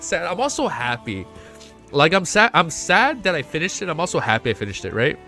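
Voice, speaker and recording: An excitable man chatting on a casual livestream, his pitch leaping up and down as he talks. His voice is bright and forceful, and faint music plays underneath. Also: fairly quick. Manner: excitable, swears freely, jumps between high and low pitch. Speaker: livestream host. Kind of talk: casual stream chat.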